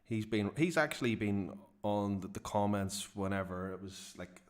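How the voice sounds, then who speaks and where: A middle-aged man hosts a loose live-stream chat in a fairly low voice. He is talkative, laughs easily and swears in passing. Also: moderate pace. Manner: chatty, laughs often, swears casually. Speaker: channel host.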